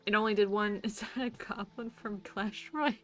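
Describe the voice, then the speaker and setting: A woman's voice: medium pitch, fairly even intonation, moderate pace, faint music behind. A woman streaming a game, chatting casually to herself, laughing often and swearing casually. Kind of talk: casual gameplay commentary.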